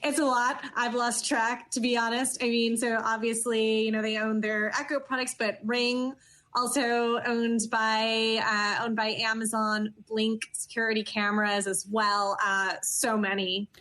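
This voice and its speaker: A woman guest who gives a shopping expert's answers in an interview, measured and with frequent fillers. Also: fairly high pitch, level tone, fairly bright tone.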